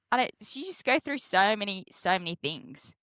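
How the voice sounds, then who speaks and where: A young Australian woman shares stories in a bright, forceful voice. She jumps into high, excited voices to act out her own lines. The sound is dry and close. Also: moderate pace, no room sound. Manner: animated storyteller, acts out her own quotes in a high voice. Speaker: interview guest. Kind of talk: candid casual chat.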